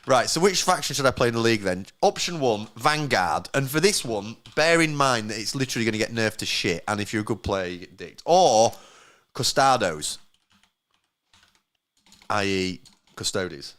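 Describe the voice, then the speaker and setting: A man's voice: medium pitch, animated, moderate pace, a bit bright. A man hosting a live podcast, chatting to viewers, swearing and joking about himself. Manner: sweary, self-mocking, talks to the live chat. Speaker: podcast host. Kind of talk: casual banter on a live podcast.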